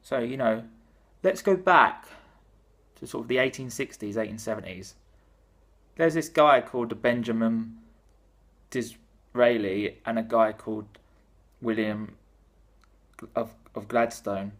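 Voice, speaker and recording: A man's voice: medium pitch, unhurried, pauses often. British man, casual history rant, offhand, sweary, irreverent. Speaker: vlogger explaining history.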